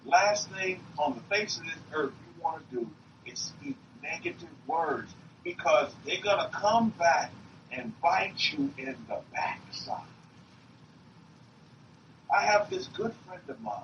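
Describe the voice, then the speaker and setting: High-pitched guy preaching, dull lo-fi recording, faint hiss behind. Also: expressive, measured pace, fairly bright tone, roomy sound, recorded from a distance. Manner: emphatic, repeats himself, rises and drops in pitch. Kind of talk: sermon. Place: meeting room.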